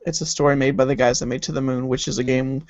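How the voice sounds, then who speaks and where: A man's voice: mid-range voice, level tone, fast, dry recording, lo-fi sound. A man co-hosting a casual podcast who chats eagerly and trails off while searching for things. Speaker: podcast co-host. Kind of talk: casual chat.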